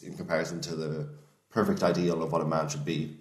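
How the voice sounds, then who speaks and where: A man with a deep, low voice talks through a point on a podcast, relaxed and halting, padding his sentences with fillers. The room around him rings with a noticeable echo. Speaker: podcast co-host. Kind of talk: casual podcast chat. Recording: roomy echo.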